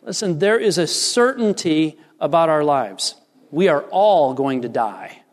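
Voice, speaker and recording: A man's voice: a little high, animated, a little slow, long reverb tail. A man preaching a sermon, reading scripture and explaining it with earnest emphasis. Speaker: pastor.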